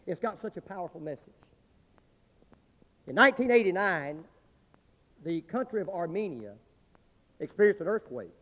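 A high-voiced male preacher telling a sermon story, dramatic and swinging between loud and hushed passages. The recording is dull and lo-fi, and a long reverb hangs in the hall.

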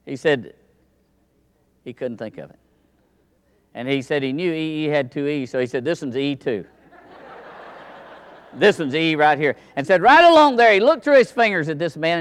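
A man preaching a sermon in a church, telling a story in a folksy style that swings between loud and quiet. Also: a little high, smooth.

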